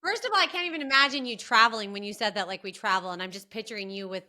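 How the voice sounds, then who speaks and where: A woman hosting a podcast, chatting casually with her guest, laughing often and agreeing quickly. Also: mid-range voice, bright, forceful tone. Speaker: podcast host. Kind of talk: casual chat.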